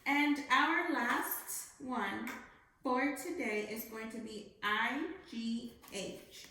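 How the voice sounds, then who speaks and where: Slow, bright-voiced woman teaching phonics. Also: fairly high pitch. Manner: slow, clearly enunciated teaching voice. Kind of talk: phonics lesson for young children. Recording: very echoey room, faint noise.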